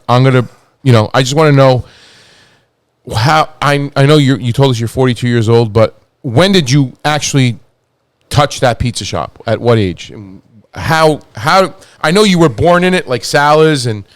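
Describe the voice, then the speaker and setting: A man hosting a podcast, introducing a guest and asking questions in a halting, casual way. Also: medium pitch, clear, resonant tone, dry recording. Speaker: podcast host. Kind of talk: casual interview.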